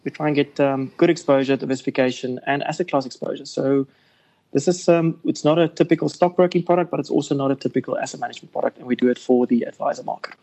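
The speaker, an investment company boss appearing as a guest on a relaxed radio business interview, chats and rambles with lots of fillers. He talks quickly at a medium pitch with a warm tone, captured on a rough recording.

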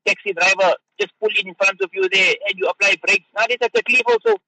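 A man, a mufti, giving an unscripted religious talk on the radio, halting with fillers and repeated words. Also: sits high, wildly swooping pitch, vocal fry, pushed and bright, rough recording.

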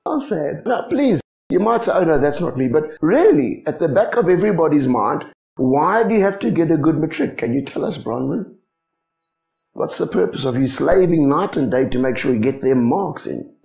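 A man preaching a sermon, animated and full of rhetorical questions to the congregation. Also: a little high, normal speed, creaky. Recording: echoey hall, dull lo-fi sound.

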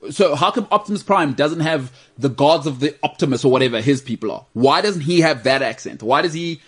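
A man from Africa, hosting a casual chat and mocking in quick asides. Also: fairly high pitch, husky. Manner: animated, mocking accents in quoted asides. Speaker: host.

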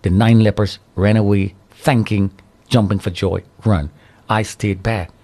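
A middle-aged man giving his testimony in an interview, telling it with animated storytelling and a preaching tone. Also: lowish voice, unhurried. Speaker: interview guest, survivor.

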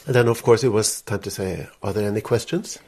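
A man's voice: on the low side, darkish tone, husky. A Norwegian man, speaking English as a second language, earnestly recounting a personal story in conversation. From Norway. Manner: earnest, emotional, halting in English. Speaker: interviewee, jazz musician.

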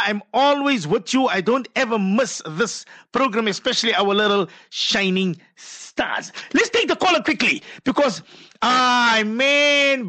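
High, bright-voiced male radio host. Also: no room sound. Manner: chatty, storytelling, frequent coughs and throat clearing. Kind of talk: casual radio talk, reading listener messages.

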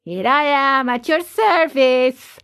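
A woman plays a grumbling old carpenter in a storybook, surly and stubborn in every denial. He speaks slowly and a little high. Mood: wry. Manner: surly, denying.

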